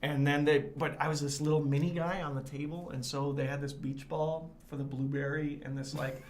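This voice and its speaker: A man's voice: on the high side, little pitch movement, a little fast, slight background noise. A man, an actor, telling a self-mocking audition story in casual chat. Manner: self-mocking, laughs through his story. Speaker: actor guest at a roundtable.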